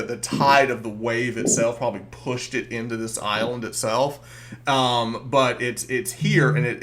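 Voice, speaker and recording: Give me a man narrating a tabletop game as game master, rambling and halting. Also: mid-range voice, a bit bright. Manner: rambling, with many fillers and restarts.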